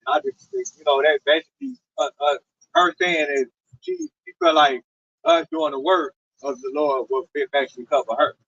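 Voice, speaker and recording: A man reads scripture aloud earnestly, his voice rising as he goes. His tone is bright and gravelly, and the recording is dry and dull. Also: a little high, sing-song, moderate pace, no echo. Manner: earnest, reads verses in a raised voice. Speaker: co-teacher reading scripture. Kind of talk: scripture reading and testimony.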